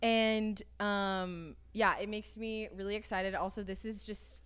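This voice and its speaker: A young woman co-hosts a casual podcast, a little tipsy. She rambles and giggles often. Her voice sits at an ordinary middle pitch. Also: fairly even intonation, measured pace, fairly bright tone, smooth. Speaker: podcast co-host. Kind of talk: casual chat.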